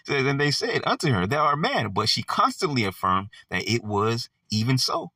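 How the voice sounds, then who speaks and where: A man's voice: medium pitch, big pitch swings, moderate pace, pushed and bright, slightly rough, no room sound, recorded from a distance. A man leading an informal bible study, reading verses and explaining them in a conversational, slangy way with frequent check-ins. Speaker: bible teacher.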